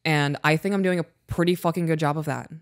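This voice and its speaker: A woman's voice: low voice, fairly even intonation, quick pace, dry recording, studio quality. A woman co-hosting a podcast in casual chat, frank and swearing freely as she tells stories. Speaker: podcast co-host.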